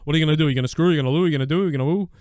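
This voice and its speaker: A man's voice: fairly high pitch, very fast, a little mellow, no echo, studio quality. A man hosting a call-in show, chatting casually with loose, profane storytelling and repeated phrases.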